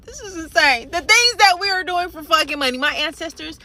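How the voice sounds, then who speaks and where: A woman telling a profane, animated story in a casual storytime rant from a parked car, speaking into a phone. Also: very high-pitched, normal speed. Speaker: storyteller vlogger. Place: parked car in a parking garage.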